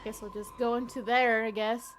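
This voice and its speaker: A woman's voice: a little high, flat delivery, moderate pace, slight background noise. A woman streaming a game live, chatting casually and reading game text aloud.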